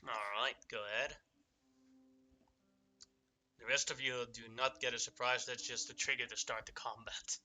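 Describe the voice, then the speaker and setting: Halting game master with a bright voice. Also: male voice, mid-range voice, steady tone. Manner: hesitant, reads out loot with fillers. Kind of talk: narrating a tabletop game.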